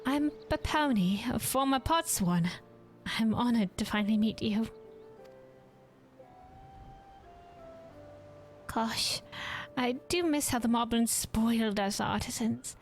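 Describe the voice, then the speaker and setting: A woman's voice: high-pitched, expressive, moderate pace, soft background music, voice pushed up. A woman voicing a pompous, prim young woman artisan from a video game, reading her lines in a formal, put-on manner. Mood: haughty. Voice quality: pompous, formal storybook delivery. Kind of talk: video game character voiced while reading.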